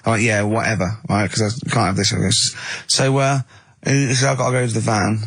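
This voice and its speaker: A man co-hosting a radio show, telling lively anecdotes in casual banter and mimicking the people he quotes. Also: fairly low pitch, brisk, breathy edge, no room sound. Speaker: radio co-host. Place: radio studio.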